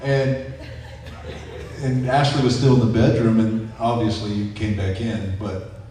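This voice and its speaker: A man's voice: on the low side, flat delivery, a little slow, warm tone. A young man at church jumping in with his side of a family testimony, chuckling as he talks. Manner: chuckling, interjecting. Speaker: family member sharing testimony. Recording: echoey room, distant mic, faint noise.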